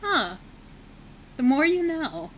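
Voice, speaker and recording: A woman's voice: sits high, sing-song, takes it slowly, fairly bright tone, slight background noise, low-quality recording. A woman co-hosting a comedy podcast, reading a story aloud, spelling out misspelled words and breaking into laughter. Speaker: co-host reading fan fiction aloud.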